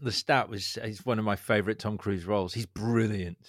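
A man hosting a casual interview, relaxed and steering the questions with fillers. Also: on the low side, brisk, slight background noise. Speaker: interview host.

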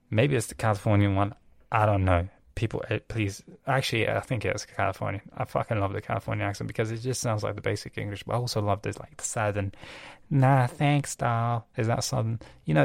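A man's voice: fairly low pitch, vocal fry, no room sound. Rambling, heavily swearing man. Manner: rambling, swears a lot, self-correcting. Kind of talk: casual monologue.

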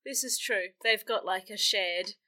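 A woman's voice: mid-range voice, a little slow, pushed and bright. A woman co-hosting a podcast who chimes in with dry, wry quips and asides. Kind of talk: casual chat.

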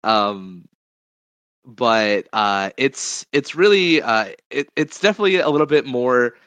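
A man co-hosting a casual movie chat podcast, halting with frequent ums and easy laughs. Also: medium pitch, expressive, a bit bright, smooth, dry recording. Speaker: podcast co-host.

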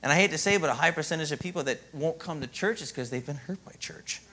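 A man preaching a sermon as pastor, in a lively, conversational way and often asking "Amen?". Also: on the high side, quick pace.

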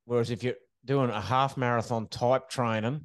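Brief: running coach, measured, advising, mid-pitched. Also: male voice, fairly even intonation. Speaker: guest marathon coach. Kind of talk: casual advice in conversation.

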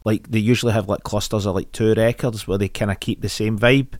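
Scottish guy on a call, rapid and sweary, lowish voice, no room echo. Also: steady tone, a little mellow, clean studio sound. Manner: quick, blunt, swears a lot. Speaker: podcast co-host. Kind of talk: casual chat. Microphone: video call over a weak internet connection.

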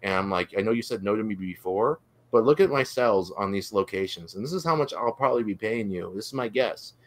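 Low-voiced guy talking shop, eager, goes on and on. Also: lively intonation, quick pace. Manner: enthusiastic, goes on and on. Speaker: guest vendor. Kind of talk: casual chat.

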